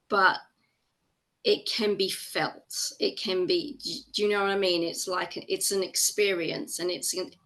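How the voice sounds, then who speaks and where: A woman hosting a podcast interview, asking questions in a soft, reflective and affirming way. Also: mid-range voice. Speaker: podcast host.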